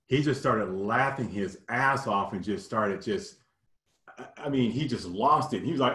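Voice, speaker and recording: A man from Kentucky earnestly recounting a childhood memory in casual storytelling, halting and full of "you know". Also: mid-range voice, animated, bright, forceful tone, echoey room. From Kentucky, US South.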